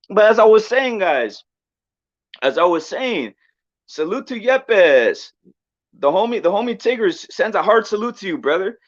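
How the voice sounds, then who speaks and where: A man hosting a boxing commentary vlog, ranting provocatively, repeating himself and giving chat shout-outs. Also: a little high, lively intonation, normal speed, no echo, dull audio. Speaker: boxing commentary channel host.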